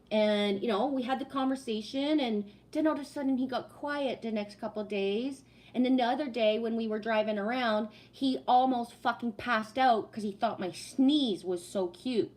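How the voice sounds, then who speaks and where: A woman's voice: fairly high pitch, moderate pace, few pauses, darkish tone. Woman in her forties telling heated, profane stories. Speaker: livestream host reading chat. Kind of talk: casual storytelling and chat.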